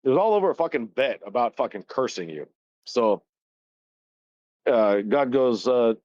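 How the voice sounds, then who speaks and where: A man's voice: mid-range voice, lively intonation, moderate pace, a little mellow, no echo. Profane, laughing man telling a story. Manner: swears constantly, laughs often, retells Bible story loosely. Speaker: podcast co-host. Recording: dull, dry, lo-fi sound.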